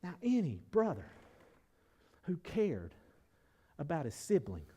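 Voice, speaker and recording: Animated high-voiced male preacher. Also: slow pace, husky. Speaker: pastor. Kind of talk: sermon.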